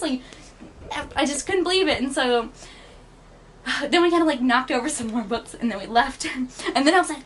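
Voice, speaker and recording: Fast, animated young woman storyteller. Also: high voice, slight background noise. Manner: fast, animated, laughs often. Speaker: interviewee. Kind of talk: casual storytelling.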